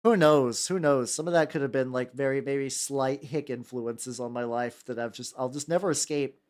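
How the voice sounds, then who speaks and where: A man's voice: mid-range voice, normal speed. A young man from the United States chatting casually while he paints miniatures, rambling, stammering and repeating words. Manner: rambling, stammers and repeats words, laughs often, jumps between topics.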